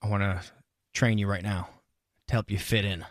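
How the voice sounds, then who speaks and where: A man's voice: fairly low pitch, flat delivery, moderate pace, dry recording, studio quality. A man co-hosting a morning radio show, playful and coaxing as he teases his partner. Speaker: radio co-host. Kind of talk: casual morning radio banter.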